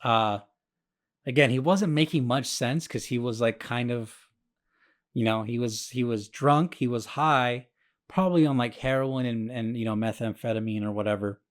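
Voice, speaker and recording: A man's voice: mid-range voice, moderate pace. A man hosting a podcast who tells a story in a rambling, profane, self-mocking way. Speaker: podcast host. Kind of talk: casual storytelling monologue.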